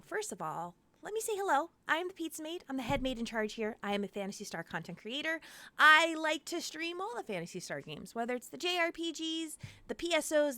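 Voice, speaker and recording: A woman hosting a live-stream interview, excitable and gushing, swearing freely. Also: sits high, no echo. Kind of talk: casual live-stream chat.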